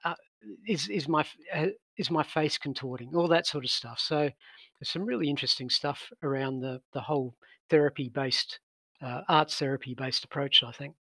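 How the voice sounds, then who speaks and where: A middle-aged Australian man speaks in a slightly high voice, stuttering and repeating sounds as he talks. The recording is dry and close, with no room sound. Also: moderate pace, pushed and bright, no room sound. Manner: stutters with frequent sound and word repetitions. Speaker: guest. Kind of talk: casual conversation.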